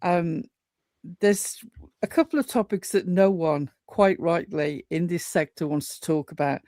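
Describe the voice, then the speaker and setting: A woman's voice: fairly low pitch, unhurried, darkish tone, no room sound, studio quality. A woman co-hosting a casual live-stream chat, telling stories with an indignant, chatty manner. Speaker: co-host.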